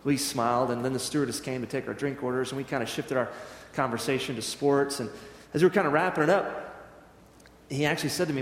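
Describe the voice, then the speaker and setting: A man's voice: medium pitch, fast. A man who is a Presbyterian minister, telling a story in a sermon and acting out the dialogue. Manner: animated storyteller, acts out dialogue. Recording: echoey church hall with long reverb.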